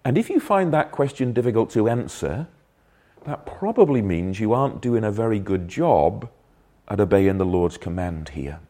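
Earnest male preacher, lively pitch. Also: normal speed. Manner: earnest, emphatic, rhetorical questions. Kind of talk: sermon.

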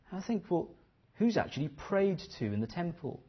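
A man's voice: sits high, sing-song, fairly quick, husky, lo-fi sound. A man preaching a sermon, earnest and questioning, often repeating his phrases.

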